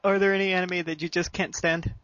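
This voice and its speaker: A man's voice: sits high, level tone, a little fast, fairly bright tone, no echo, muffled recording. A man asking short, direct interview questions.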